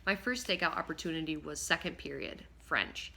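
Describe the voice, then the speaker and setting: A woman narrating a first-person audiobook in a lively, expressive way, now and then slipping and rereading a line. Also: low-pitched, moderate pace, creaky, a little hiss or hum. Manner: lively, expressive reading with occasional slips and rereads.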